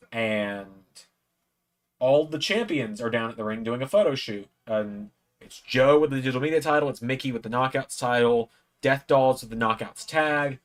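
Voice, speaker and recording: A man hosting a watch-along, telling a long personal story in a casual, rambling way from a room at home. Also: medium pitch. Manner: rambling anecdote, acts out quoted lines in a raised voice.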